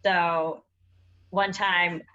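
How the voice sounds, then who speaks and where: A woman telling a personal work story in casual chat, halting with many restarts. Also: lowish voice, flat delivery, fairly bright tone. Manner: hesitant, many fillers and restarts. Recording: dull lo-fi sound.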